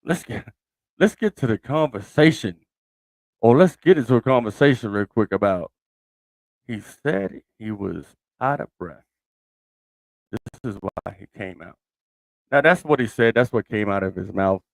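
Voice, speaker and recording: A man's voice: on the low side, expressive, measured pace, vocal fry, long pauses, no echo. A man hosting his own sports podcast, talking loosely and thinking aloud with many fillers and restarts. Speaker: podcast host. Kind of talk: casual solo sports commentary.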